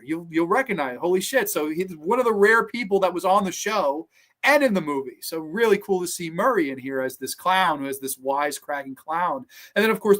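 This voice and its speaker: A young male podcast host talks through a classic episode in a loose, excited way, full of asides. His voice sits a little high. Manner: enthusiastic, animated retelling with many asides. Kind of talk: casual review commentary.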